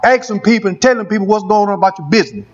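A man's voice: high voice, animated, racing, lo-fi sound. A man preaching a testimony sermon, repeating phrases for emphasis.

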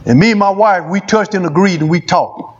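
High-voiced preacher testifying. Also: male voice, brisk, slightly rough, muffled recording. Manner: rhythmic, repeats phrases for emphasis. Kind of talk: testimony sermon.

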